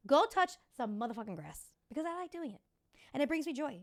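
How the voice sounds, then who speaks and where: A woman's voice: fairly high pitch, very animated, quick pace. A woman in her thirties hosting a podcast, talking casually, candid and confiding, with the odd swear word. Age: 30s. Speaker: podcast host. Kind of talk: casual chat.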